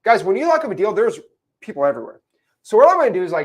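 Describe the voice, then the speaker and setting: A young man gives an animated real estate lesson, constantly checking that his listeners follow. His voice sits a bit high and swings widely in pitch. He breaks into put-on character voices as he explains. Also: quick pace. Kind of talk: whiteboard lesson.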